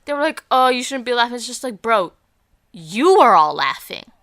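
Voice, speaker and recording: A woman's voice: a little high, sing-song, normal speed, fairly bright tone, no echo, clean studio sound. A young woman co-hosting a podcast in casual chat, blunt, teasing and slangy. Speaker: podcast co-host.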